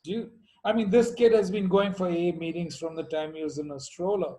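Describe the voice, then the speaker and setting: A man's voice: high-pitched, fairly even intonation, fairly quick, mellow, low-quality recording. A middle-aged man from India telling his recovery story to a meeting, with dry jokes and asides along the way.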